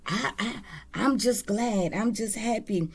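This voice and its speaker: Gushing former friend on a phone call, woman, sugary and slow, as a woman puts her on. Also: a little high, husky, exaggerated voice. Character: relieved old female acquaintance on phone.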